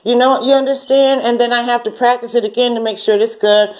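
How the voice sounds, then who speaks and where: A woman's voice: a little high, flat delivery, fairly quick. Blunt, profane woman ranting with laughs. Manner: blunt and profane, laughs often, acts out quotes. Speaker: channel host. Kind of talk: casual storytelling rant.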